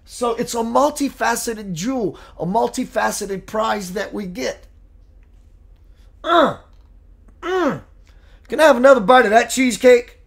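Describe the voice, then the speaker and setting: A man hosting a live spiritual show, speaking in a gentle, earnest and meditative way and answering viewer comments. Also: very high-pitched, lively intonation, unhurried, creaky, long pauses.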